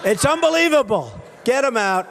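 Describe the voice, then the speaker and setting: Man with a high voice at a stage mic, rambling rally stump speech, repeats short punchy lines and shouts to the room. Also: animated, moderate pace, gravelly, a faint crowd, a little hiss or hum. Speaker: political candidate at a rally. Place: large rally venue with a crowd. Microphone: stage microphone.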